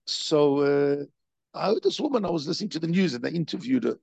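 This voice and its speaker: A man's voice: fairly high pitch, lively intonation, fairly quick, vocal fry, darkish tone, no echo, rough recording. A man, a rabbi, giving a Torah lecture, telling stories with lots of repetition and rhetorical questions.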